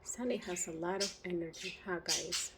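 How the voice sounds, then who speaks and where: A woman with a lowish, steady voice speaks at a moderate pace in a casual vlog about keeping budgies, sometimes turning to talk to the birds. She uses non-native phrasing and frequently searches for words, and her noisy home recording is dotted with budgie chirps.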